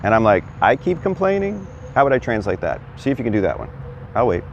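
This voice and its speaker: A man's voice: lowish voice, lively intonation, racing, muffled recording, a little hiss or hum. A man giving a casual, chatty video lesson as a Spanish teacher, quizzing the viewer and encouraging them. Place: outdoors. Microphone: camera on a stand.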